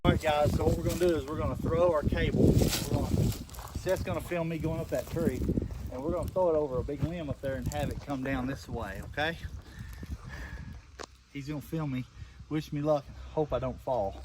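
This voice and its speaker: A man's voice: on the high side, fairly even intonation, brisk, heavy background noise. Folksy older man outdoors. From southern Oklahoma. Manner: folksy, rambling, repeats himself. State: out of breath. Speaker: vlogger. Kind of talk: casual outdoor how-to narration. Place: outdoors in the woods.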